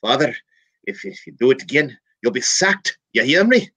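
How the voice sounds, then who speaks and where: A man's voice: medium pitch, animated, normal speed, sharp tone, husky, voice pushed up, heavily acted. A man voicing a stern bishop who scolds a priest.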